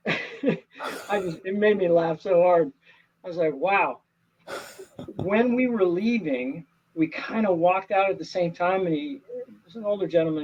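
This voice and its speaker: A middle-aged man, an actor, telling stories in a casual interview, earnest and animated with many restarts. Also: sits high, breathy edge, poor audio.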